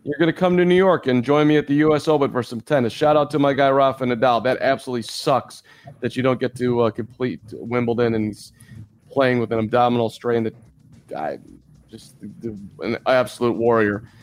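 A man's voice: mid-range voice, fairly even intonation, fairly quick, slight background noise. A man from Chicago co-hosting a podcast in casual sports chat, joking and rambling through asides. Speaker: podcast co-host.

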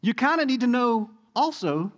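Man, forties, preacher, sermon, high voice, very animated pitch, jokey asides. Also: moderate pace, in a large hall. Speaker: pastor.

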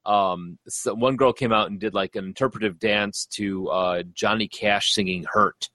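A man's voice: on the low side, moderate pace, dry recording. A man hosting a podcast in casual chat, telling anecdotes and acting out what people said. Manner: animated storyteller, acts out quotes. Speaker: podcast host.

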